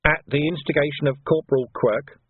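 A man voicing a gruff, hard-bitten middle-aged watch sergeant who speaks curtly with dry sarcasm. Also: a little high, steady tone, a little fast, dry recording, pitched above the performer's own voice. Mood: brisk. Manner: curt, commanding, dry sarcasm. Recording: tinny narrow audio, dry.

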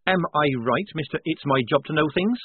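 A man doing a sharp young woman soldier. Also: fairly high pitch, sing-song, normal speed, husky, no room sound, pitched above the performer's own voice, full character voice. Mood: insistent. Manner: sharp, insistent questioning. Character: stubborn young woman soldier, tired and tense. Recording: narrow phone-like band, dry.

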